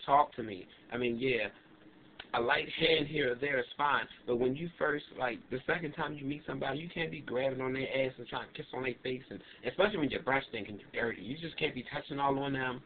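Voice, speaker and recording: A young adult man vlogging, telling a story in an animated, emphatic and indignant way. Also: mid-range voice, fairly quick. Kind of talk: casual ranting storytelling. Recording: tinny lo-fi webcam audio with faint hiss.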